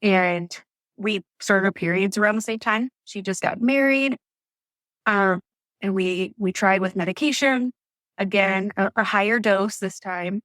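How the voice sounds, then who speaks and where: A woman's voice: mid-range voice, unhurried, a bit bright, dry recording. A woman who works as a nurse, telling her story as a podcast guest in a chatty way with many fillers. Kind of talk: casual storytelling interview.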